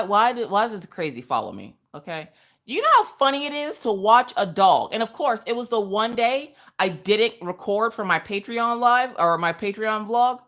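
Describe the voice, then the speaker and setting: A woman hosting a craft livestream, telling a story in a sassy, blunt, animated way. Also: mid-range voice. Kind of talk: casual storytelling chat.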